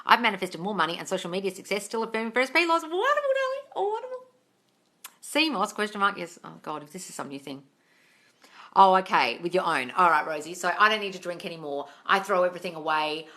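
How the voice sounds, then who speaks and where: A woman's voice: lowish voice, sharp tone. A young woman hosting a casual live Q&A on manifesting. She reads viewer comments aloud and answers them frankly, with swearing, and calls everyone darling.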